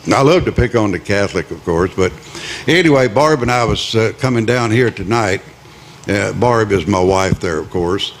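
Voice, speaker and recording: A man's voice: lowish voice, slight background noise. A man on a small club stage telling a rambling, folksy joke and teasing the audience. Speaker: club performer, singer and joke teller. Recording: live with guitar playing.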